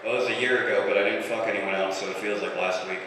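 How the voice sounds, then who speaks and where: A young man in his twenties doing a deadpan stand-up set, slipping into voices for the people he quotes. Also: fairly low pitch, fast, far from the mic. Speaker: stand-up comedian. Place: comedy club stage. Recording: roomy live club recording with room noise. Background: audience laughter.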